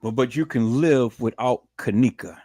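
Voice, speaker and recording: A man's voice: medium pitch, moderate pace, dark tone, no echo. Man, furious ranting commentary, heavy profanity, live-stream host, dry sound. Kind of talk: angry commentary on a clip.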